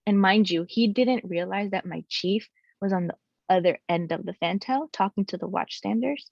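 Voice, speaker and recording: Woman, young adult, candid storytelling, lots of "like" fillers, medium pitch, slightly muffled dry sound. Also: moderate pace, vocal fry, no room sound. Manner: animated, frequent "like" and "you know" fillers. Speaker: guest sharing her story.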